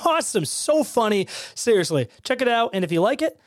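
A man co-hosting a tabletop game podcast, chatting casually, excitable and jokey with lots of laughter. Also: very high voice, a little fast. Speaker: podcast co-host. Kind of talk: casual chat.

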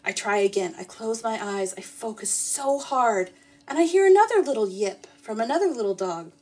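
A woman narrating a playful, deadpan comic sleep story in the first person. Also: a little high, moderate pace, breathy edge. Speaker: podcast storyteller.

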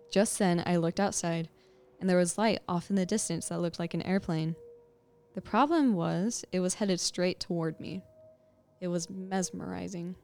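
A woman podcast host reading a creepy story aloud with expressive, suspenseful storytelling. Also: fairly low pitch, vocal fry, clear, resonant tone.

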